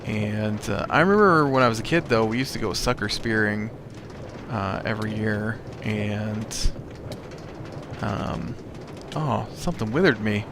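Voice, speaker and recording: A man's voice: fairly low pitch, unhurried, creaky, noisy background. A man hosting a let's play, telling a rambling story full of uhs and restarts with a wry edge while he plays. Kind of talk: casual storytelling while playing a game.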